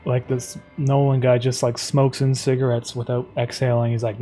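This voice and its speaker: A man chats casually on a live stream while he works on a drawing. He speaks softly and meanders, filling pauses with "uh" and "like," at a middling pitch. Faint music plays in the background. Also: fairly even intonation. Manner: soft-spoken and rambling, with many fillers. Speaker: streamer and animator.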